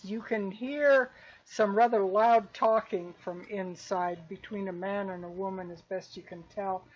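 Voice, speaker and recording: Slow, breathy woman game master. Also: mid-range voice, darkish tone. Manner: slow, descriptive narration with fillers. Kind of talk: narrating a tabletop game. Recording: dull lo-fi recording.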